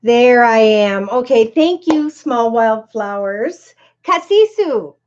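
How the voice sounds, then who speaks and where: A woman's voice: fairly high pitch, lively intonation, slow pace, darkish tone, lo-fi sound, slight background noise. A middle-aged woman hosting a casual live-stream tarot reading. She chats, greets viewers by name and rambles from point to point.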